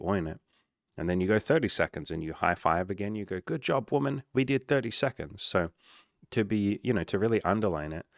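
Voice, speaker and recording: Man, low voice, casual swearing coach talk, dry close sound. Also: no room sound. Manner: blunt, swears often, acts out dialogue. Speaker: dating coach. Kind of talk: casual advice monologue.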